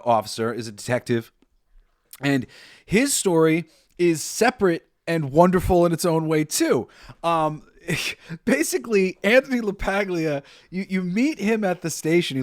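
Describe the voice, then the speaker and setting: A young man chats through a solo podcast in a loose, rambling way, laughing often and restarting his sentences. His voice sits a bit high for a man. It is recorded close and dry, with no room sound. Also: no room sound. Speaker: podcast host. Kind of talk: casual solo podcast film chat.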